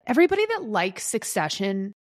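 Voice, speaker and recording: Woman, podcast co-host, casual chat, middle pitch, dry sound. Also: very animated, a little fast, no echo. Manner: playful, mock acceptance speech.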